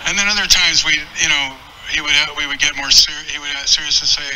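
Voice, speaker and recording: Guy talking at a memorial, kinda high voice, lots of stops and restarts, heartfelt, noisy recording. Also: steady tone, bright, forceful tone. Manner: halting, with many restarts; earnest, heartfelt reminiscing. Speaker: friend speaking at a memorial. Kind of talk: memorial tribute talk.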